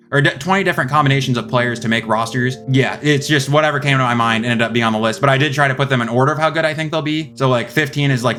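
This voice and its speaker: Young man, fast casual commentary, rambling self-corrections, faint guitar music behind. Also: medium pitch, fairly bright tone. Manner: rambling, thinks aloud with many self-corrections. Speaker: esports video host. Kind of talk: casual commentary ranking rosters.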